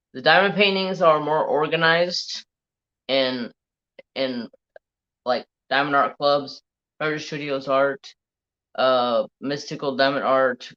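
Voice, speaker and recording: A man's voice: mid-range voice, sharp tone. Rambling man on a lo-fi craft livestream. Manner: rambling, salty storytelling while reading live chat. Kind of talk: casual livestream chat. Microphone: handheld phone.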